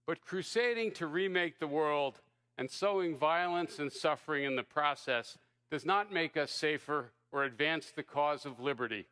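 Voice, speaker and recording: A man delivers a formal debate opening from a podium mic. His voice sits a little high and sounds bright and forceful. He argues in a measured, rhetorical way. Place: large hall before a live audience.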